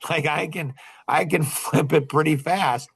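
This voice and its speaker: A man's voice: on the high side, slow, gravelly, fairly bright tone, slightly rough. A middle-aged man in casual podcast chat, rambling with many fillers and restarts and laughing often. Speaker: podcast guest.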